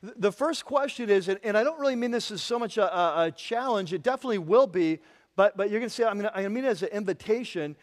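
A man with a strikingly high voice preaching a sermon. He presses his congregation with repeated questions and swells into fervent intensity. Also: lively intonation, quick pace. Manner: impassioned, repeats questions, grows loud and intense. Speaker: pastor.

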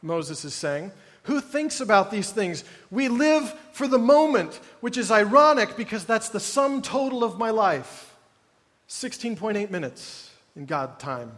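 High-voiced preaching man in reverberant hall. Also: big pitch swings, unhurried, a bit bright. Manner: conversational preaching with wry asides and mock groans. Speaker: pastor. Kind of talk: sermon.

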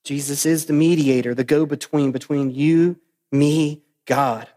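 Male pastor, emphatic sermon delivery, somewhat high voice, reverberant sanctuary. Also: steady tone, measured pace, mellow. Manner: emphatic, repeats phrases for stress.

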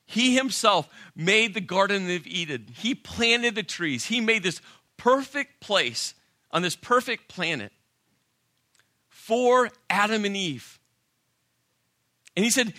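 A male preacher gives an animated, emphatic sermon punctuated by dramatic pauses. His high voice carries a very bright, forceful edge, and the audio is dry and close, without echo.

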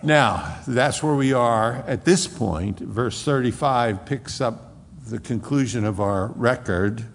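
A man preaching a conversational sermon, retelling a scripture story in a folksy, animated way. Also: mid-range voice, takes it slowly, vocal fry. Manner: folksy and animated, acts out the characters. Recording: echoey hall reverb.

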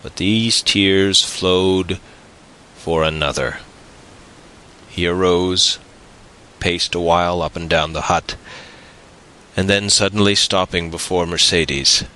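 A man narrating a classic novel in a measured, deliberate way. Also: low-pitched, fairly even intonation, pushed and bright, low-quality recording. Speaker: audiobook narrator. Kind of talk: scripted narration.

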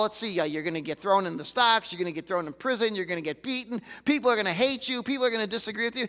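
Animated high-voiced male pastor in a hall. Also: very fast, hardly any pauses. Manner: animated and candid, acting out quoted voices. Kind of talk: sermon. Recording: reverberant hall.

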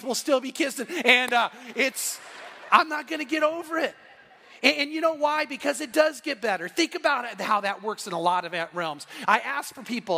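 The pastor, a man in his sixties, preaches passionately and emphatically in a church sanctuary, repeating phrases for emphasis. His high-pitched voice is creaky, bright and forceful, and long hall reverb fills the recording.

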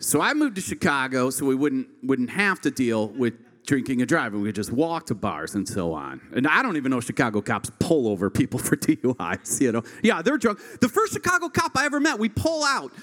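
A man's voice: mid-range voice, a little fast, hardly any pauses, big-room sound. A man from rural Ohio, in his thirties, telling a stand-up story and acting out the voices of the people in it. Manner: animated, acts out voices in his stories. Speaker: stand-up comedian.

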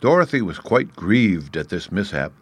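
Male storybook narrator; low voice, dry close recording. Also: very animated, normal speed, husky, dry recording. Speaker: audiobook narrator.

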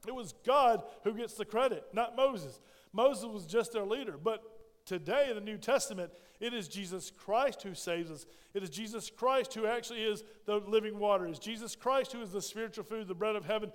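A man's voice: high-pitched, moderate pace, long reverb tail. A male pastor preaching a sermon in a folksy, storytelling way, often checking in with "right?". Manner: frequent "right?" check-ins.

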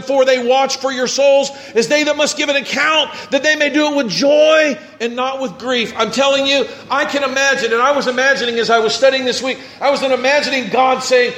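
A man's voice: very high voice, a bit bright, echoey room. A male pastor preaching a sermon, reading scripture and acting out what people might say.

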